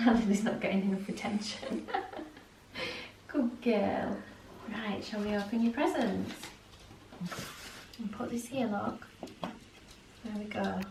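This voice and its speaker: A young woman, a vlogger, talking to her dogs at home in doting sing-song baby talk, with gasps and soft whispers. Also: mid-range voice, slow, vocal fry, long pauses, background noise. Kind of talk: casual vlog chat to her dogs. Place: home, indoors.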